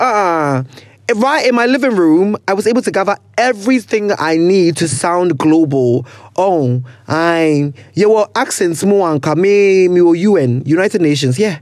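A man's voice: sits high, lively intonation, unhurried, darkish tone, no room sound. A young man with a Ghanaian accent hosting a podcast in casual chat, playful and laughing often, mixing in bits of pidgin. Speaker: podcast host.

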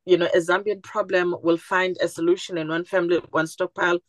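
A woman speaks as a podcast guest in a somewhat low voice, heard close and dry with no room sound. She talks earnestly and with animation, slipping into the voices of the people she quotes. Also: little pitch movement, brisk, dry recording. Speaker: podcast guest, community group founder. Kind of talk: conversational interview.

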